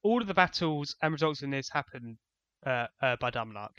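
A man's voice: mid-range voice, expressive, brisk, fairly bright tone, clean tone, no room sound, muffled recording. A man co-hosting a casual comedic film review, dry and sarcastic, hesitating with ums, from England. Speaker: podcast co-host.

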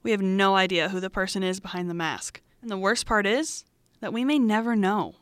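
A woman's voice: medium pitch, steady tone, fairly quick, clean tone, no echo. A young woman hosting a student podcast, reading a script with wry asides to the listener. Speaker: student podcast host and reporter.

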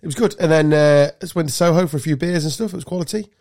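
A man from England co-hosting a podcast, telling animated, sweary travel stories in casual chat. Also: on the high side, quick pace, creaky. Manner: swearing storyteller, animated anecdotes. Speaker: podcast co-host.

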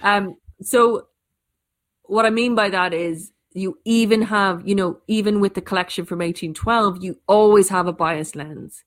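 An Irish woman who tells stories, chatting casually in quick, animated bursts with frequent restarts. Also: medium pitch. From Ireland. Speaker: storyteller. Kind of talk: casual conversation.

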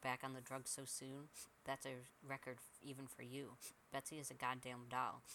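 A man's voice: mid-range voice, completely flat delivery, moderate pace, pushed and bright, slight background noise. A man voicing a curt, contemptuous grown woman in a narrated horror story. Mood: bitter. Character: cold, bitter grown woman, blunt.

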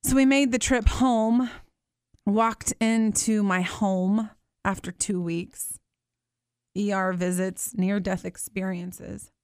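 A woman in her thirties telling a personal faith story, earnest and heartfelt, slowing down to stress her words. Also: medium pitch, steady tone, clear, resonant tone, no echo, clean studio sound. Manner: earnest, heartfelt, slows down for emphasis.

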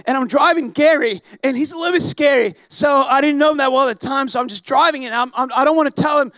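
A pastor telling a self-mocking story in an animated sermon, often breaking into shouts. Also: male voice, very high-pitched, fairly quick, no echo. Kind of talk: storytelling sermon to a live audience.

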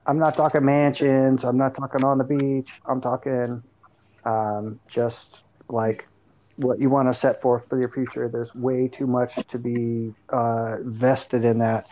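A man's voice: mid-range voice, little pitch movement, measured pace, mellow, slight background noise, low-quality recording. Blunt, repetitive male co-host. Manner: blunt, repeats himself. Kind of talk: casual chat.

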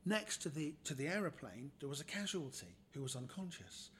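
A man, a podcast guest telling funny personal stories in a lively way and acting out the people in them. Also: fairly high pitch, fairly quick, a little hiss or hum. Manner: animated storyteller, acts out the people in his stories. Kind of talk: casual anecdotal storytelling.

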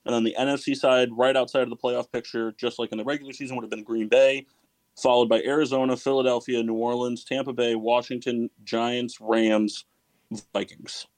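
A man's voice: mid-range voice, level tone, fairly quick, darkish tone, dry recording, rough recording. A man hosting a casual sports podcast, rambling and correcting himself, laughing often. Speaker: podcast host.

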